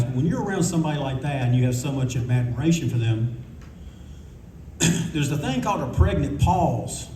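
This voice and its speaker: A man's voice: mid-range voice, dark tone, distant mic, slight background noise. Man swapping candid convention stories. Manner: rambling, candid, swears freely. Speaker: convention panelist. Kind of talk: casual anecdotal storytelling. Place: convention panel room. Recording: echoey room recording from afar.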